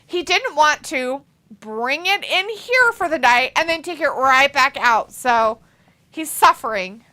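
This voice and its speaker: Lively bright-voiced woman, cursing freely. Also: high voice, a little slow. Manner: animated, swears constantly, laughs often. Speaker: stream host. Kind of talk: casual chat on a livestream.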